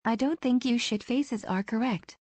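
A woman's voice: fairly high pitch, moderate pace, darkish tone, no echo, natural voice. A woman playing a profane, mocking woman mystic who declaims and sneers sarcastically. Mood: scornful.

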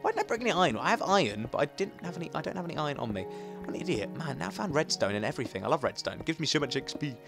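An excitable young man talks fast over faint game music, his pitch leaping around as he rambles through casual gameplay commentary. He restarts sentences constantly and bursts out loud when the action gets tense. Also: vocal fry. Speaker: gaming YouTuber. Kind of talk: casual let's play commentary.

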